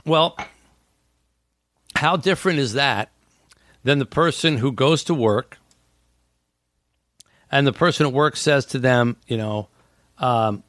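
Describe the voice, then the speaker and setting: A man's voice: medium pitch, slow, pauses often, fairly bright tone, dry recording, clean studio sound. A man hosting a casual talk, explaining ideas and acting out what people say. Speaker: host. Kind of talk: casual podcast chat.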